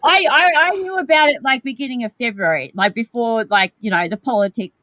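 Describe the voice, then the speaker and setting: A woman's voice: a little high, brisk, bright, forceful tone, dry recording, lo-fi sound. A woman co-hosting a casual livestream from her bedroom, chatty and rambling, a bit tired and loopy from the heat. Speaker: co-host of a paranormal livestream. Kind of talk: casual chat. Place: bedroom at home. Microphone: video call setup.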